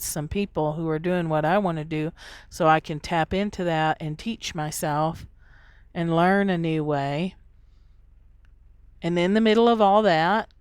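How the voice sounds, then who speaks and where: A woman's voice: on the low side, no room sound. A middle-aged woman hosting a podcast, giving a candid, earthy motivational monologue and acting out quoted complaints. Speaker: podcast host.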